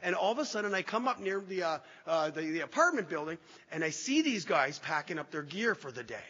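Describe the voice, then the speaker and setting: A man's voice: on the high side, very animated, fairly quick, pushed and bright. A man giving a personal recovery testimony to an audience, self-deprecating and storytelling with frequent restarts. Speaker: recovery speaker sharing his story. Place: hall with a live audience. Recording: echoey hall, dull lo-fi sound.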